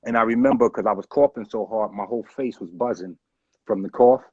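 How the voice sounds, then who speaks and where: A man's voice: on the low side, a little fast, darkish tone, slightly rough, no echo. A man telling a story in a laid-back, profane way, as the guest in an interview. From United States. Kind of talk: casual storytelling. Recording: dull dry recording.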